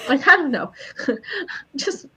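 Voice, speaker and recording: Animated woman fan podcaster, high voice. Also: slow. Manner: excitable, laughs often, acts out characters' lines. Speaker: podcast co-host. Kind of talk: casual fan chat.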